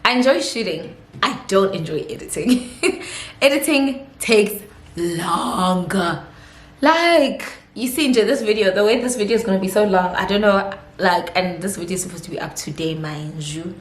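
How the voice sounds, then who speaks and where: A woman's voice: mid-range voice, fast talker. A young South African woman in her twenties answering viewer questions in a casual vlog, chatty and giggly with lots of fillers. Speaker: YouTuber. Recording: echoey room.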